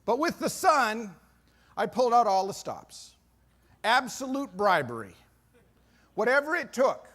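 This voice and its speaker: High-voiced excitable keynote man. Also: unhurried, long pauses. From Maine, USA. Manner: excitable, self-deprecating storyteller. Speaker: keynote speaker. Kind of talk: energetic keynote speech. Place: large conference hall.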